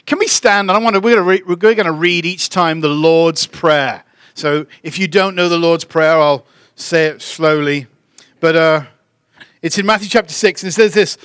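A man's voice: a little high, moderate pace, fairly bright tone, clear, resonant tone, no echo, clean studio sound. A man preaching a sermon as pastor, leading the congregation in call and response. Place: church sanctuary.

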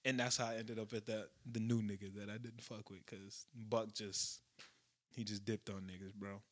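A young man in casual chat, telling an animated, profane story as a podcast co-host. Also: lowish voice, moderate pace.

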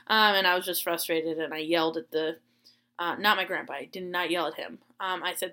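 A young woman from Florida, a teacher, rambles through a personal story in a relaxed vlog. Her voice is bright and clear. She is chatty, pokes fun at herself, and fills the pauses with "uh" and "um". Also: fairly low pitch. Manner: chatty and self-deprecating, with many fillers.

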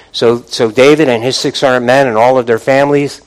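A man's voice: mid-range voice, fairly even intonation, brisk, poor audio. A man preaching a sermon, retelling scripture in a casual conversational way, often restarting phrases and asking the congregation for responses. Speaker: pastor.

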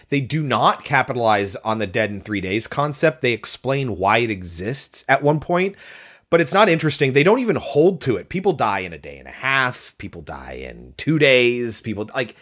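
A man with a sick voice co-hosting a podcast, giving an opinionated, casual movie review. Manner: animated, opinionated, swings pitch when emphasizing. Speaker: podcast co-host.

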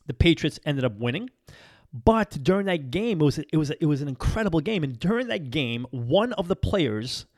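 A man from Massachusetts hosting a short daily motivational show, talking in an energetic, chatty way, often laughing and repeating phrases for emphasis. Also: on the high side, no room sound, clean studio sound. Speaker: podcast host. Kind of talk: motivational talk show monologue.

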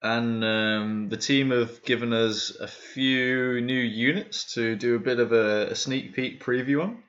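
A man's voice: medium pitch, steady tone, a little slow, hardly any pauses, fairly bright tone. A man hosts a casual hobby podcast in an easygoing voice. He swears freely and laughs easily. The sound is a little dull and lo-fi. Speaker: podcast host. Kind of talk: casual chat.

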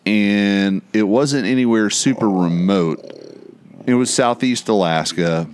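A man's voice: fairly low pitch, slow, slight background noise. A man telling a long, profane story in casual chat, building it up with asides and emphasis. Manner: animated, profane anecdote telling.

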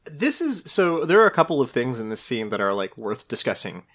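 Man, podcast co-host, casual review chat, rambling, enthusiastic, average pitch. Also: very animated, a little fast, a bit bright. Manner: enthusiastic, rambling, laughs easily.

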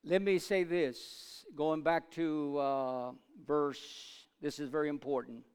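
A male preacher delivering a sermon, swinging between loud urging and low asides and calling for amens from the congregation. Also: steady tone, slow pace, smooth. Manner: call-and-response with congregation. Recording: long reverb of a large hall.

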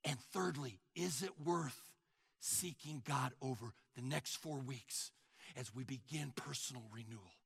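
Older male pastor, energetic sermon delivery, bright tone, dry close recording. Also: mid-range voice, measured pace, vocal fry, slightly rough, no room sound. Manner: animated preaching, acts out mock prayers.

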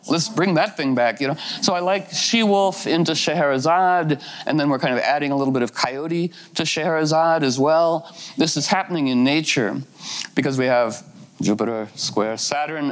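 A man's voice: mid-range voice, poor audio. A man giving a meandering, playful astrology talk, full of "you know" fillers and laughing asides. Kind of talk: rambling spoken talk.

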